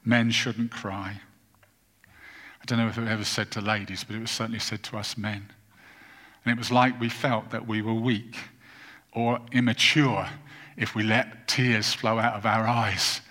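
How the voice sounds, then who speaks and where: A man preaching a sermon as a pastor, earnest and deliberate, leaning on repetition for emphasis. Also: on the low side, level tone, sharp tone. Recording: long reverb of a large hall.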